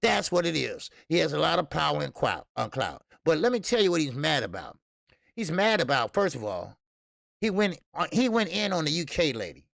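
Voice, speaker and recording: A man's voice: a little high, very animated, moderate pace, gravelly, fairly bright tone, no room sound, clean studio sound. A man hosting a casual boxing livestream, loose and profane, greeting viewers in the chat and laughing often. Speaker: host of a boxing talk stream.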